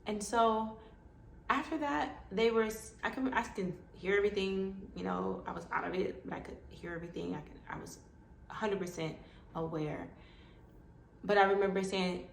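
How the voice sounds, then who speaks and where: A woman vlogger telling a personal story in a lively way, acting out what others said. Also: mid-range voice, moderate pace, vocal fry. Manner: animated, acts out quoted dialogue. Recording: echoey room with faint background noise.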